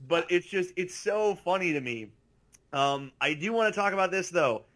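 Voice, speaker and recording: A man's voice: high-pitched, animated, normal speed, fairly bright tone. A man co-hosting a casual podcast, telling rambling anecdotes full of filler words. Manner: rambling storyteller, lots of filler "like". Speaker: podcast co-host.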